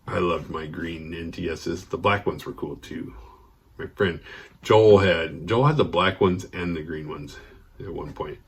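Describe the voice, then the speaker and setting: A man hosting a horror movie channel, telling a rambling, profane story casually and getting animated when he quotes others. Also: low voice, a little slow, slightly rough. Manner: rambling, profane, restarts mid-sentence. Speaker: horror movie review host.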